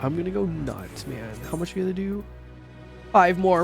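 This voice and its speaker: A man in his thirties chatting casually on a game livestream, rambling and swearing, with sudden loud outbursts. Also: sits high, lively intonation, gravelly, faint music behind. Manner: profane, rambling, quick bursts of shouting. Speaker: streamer. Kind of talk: casual livestream chat while gaming.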